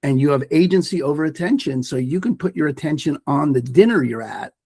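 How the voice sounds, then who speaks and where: Emphatic man, fairly high voice. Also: animated, brisk, darkish tone, husky, no echo. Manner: emphatic, storytelling, repeats phrases for effect. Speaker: guest, mindfulness teacher and author. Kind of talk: podcast interview.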